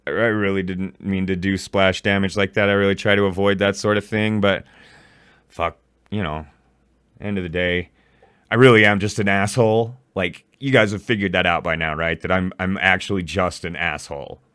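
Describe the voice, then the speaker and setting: Close-miked with no room sound, a commentary YouTuber delivers a furious, profane reaction rant. His adult male voice sits low and steady at a moderate pace, a bit bright and smooth.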